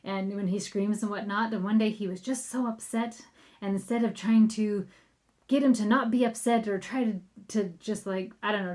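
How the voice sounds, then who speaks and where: A woman's voice: medium pitch, darkish tone. A woman in her thirties, a parenting coach hosting a solo podcast, upbeat and chatty, addressing listeners as friends.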